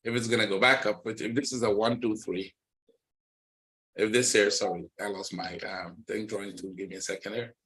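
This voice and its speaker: A low-pitched man runs a live trading webinar. He moves briskly through the charts in a plain, matter-of-fact way, pointing out setups as he goes. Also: fairly even intonation, fairly bright tone. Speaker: trading instructor.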